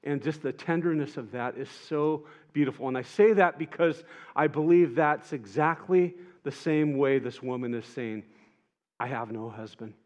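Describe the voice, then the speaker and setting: A man preaching a sermon in an earnest way, rising to emphatic peaks and dropping soft and tender at moments. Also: a little high, normal speed. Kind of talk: sermon retelling gospel scenes.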